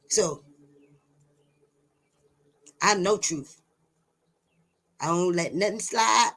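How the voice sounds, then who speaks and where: A woman's voice: lowish voice, drawn-out words, long pauses, a bit bright. Blunt, preachy woman lecturing viewers. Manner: emphatic, blunt, swears, repeats words for stress; taunting rhetorical questions. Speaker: self-styled teacher addressing viewers. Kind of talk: preachy direct-to-camera monologue.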